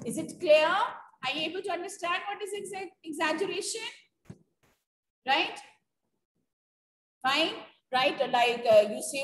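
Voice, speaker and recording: A woman's voice: very high voice, unhurried, long pauses, a bit bright. A woman with an Indian English accent teaching an English class, explaining with many fillers and checking questions. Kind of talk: online class lesson. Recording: echoey room, distant mic, faint noise.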